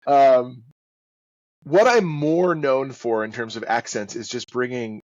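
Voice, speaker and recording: A man's voice: mid-range voice, slow pace, a little mellow, dry recording, lo-fi sound. Chatty self-deprecating man, dry sound. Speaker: guest author and audiobook narrator. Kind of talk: casual interview chat.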